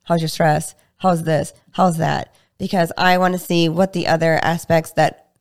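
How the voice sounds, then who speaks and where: A woman with a low, gravelly voice talks through her approach in a relaxed interview. She explains at length and slips into animated acted-out dialogue with patients. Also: unhurried. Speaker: guest practitioner. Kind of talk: casual interview chat.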